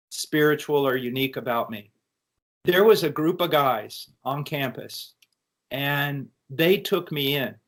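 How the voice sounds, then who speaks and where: A man speaks with a fairly high pitch as he tells a personal testimony. He is an earnest preacher addressing college students, and he often breaks off and restarts his sentences. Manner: earnest storytelling with frequent restarts.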